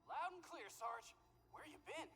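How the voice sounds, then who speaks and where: A brisk soldier on comms. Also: male voice, very high voice, expressive, sharp tone, soft background music, full character voice. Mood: breezy. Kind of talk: game dialogue.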